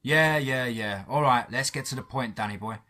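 A man's voice: mid-range voice, moderate pace, close to an everyday voice. A man voicing a bullying, taunting male government agent in a horror story. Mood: sneering. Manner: sneering, loud, taunting.

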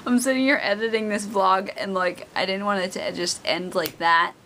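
A woman's voice: mid-range voice, fairly even intonation, normal speed, bright, forceful tone, slight background noise, poor audio. A young woman talking casually to her camera, rambling with lots of fillers. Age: young adult. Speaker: vlogger. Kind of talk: casual vlog chat.

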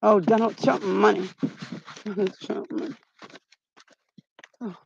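Out in the cold, a channel host with a mid-range voice and vocal fry speaks slowly in a comedic outdoor vlog, excitably fretting aloud and calling out the name of her missing dog. The sound is lo-fi and the background noisy.

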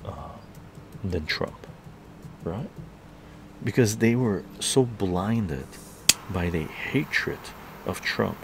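Male streamer, casual political rant outdoors; gravelly voice with lively swings in pitch, keeps asking "right?". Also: a little hiss or hum. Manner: heated ranting, keeps tagging "right?". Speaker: live stream host. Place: outdoor patio garden.

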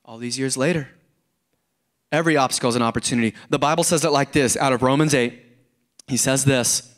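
A man's voice: medium pitch, expressive, moderate pace. A middle-aged man preaching a sermon in church, conversational and earnest, often repeating words and rising into emphasis. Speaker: pastor.

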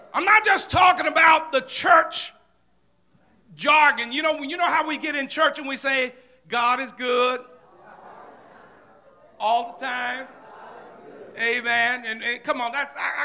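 A man preaching a fervent sermon in a church service, swinging from shouted lines down to hushed ones and calling out "come on" and "amen" between phrases. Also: very high-pitched.

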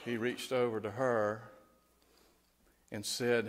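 A man's voice: fairly low pitch, a little slow, long pauses, long reverb tail. A man speaking as a pastor, giving a tender funeral eulogy and prayer. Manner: gentle and tender, rising to lively storytelling.

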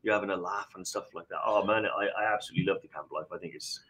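Low-voiced jokey man co-hosting. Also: fairly even intonation, fast talker, pushed and bright, low-quality recording. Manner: laughing, jokey storyteller. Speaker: co-host of trekking company live show. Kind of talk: casual live-stream chat.

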